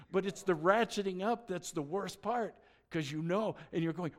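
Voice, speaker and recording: Middle-aged man, pastor delivering a sermon; slightly higher voice, chatty and lively, acts out stories. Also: brisk, hardly any pauses. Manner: conversational, animated storytelling with acted-out exclamations.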